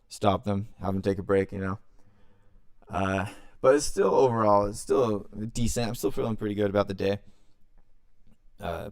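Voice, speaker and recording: A young man tells a story on his podcast in a smooth, fairly low voice. He swears freely and acts out what everyone said. The sound is close and dry. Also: darkish tone, no echo. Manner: loose and profane, acting out quotes. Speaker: podcast host. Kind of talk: casual storytelling.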